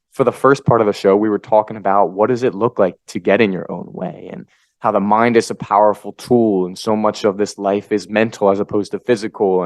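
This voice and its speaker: A man hosting a motivational podcast, swinging between energetic pep-talk bursts and low, quiet asides. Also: dry recording. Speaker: podcast host. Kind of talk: motivational monologue.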